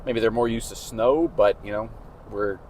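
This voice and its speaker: A man with a fairly low voice talks casually to his handheld camera outdoors, rambling along with plenty of filler words. The clip is a relaxed match-day vlog, and a faint outdoor hiss sits under his voice. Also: normal speed. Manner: chatty, rambling with frequent "like" fillers. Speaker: vlogger host. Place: outdoors around town.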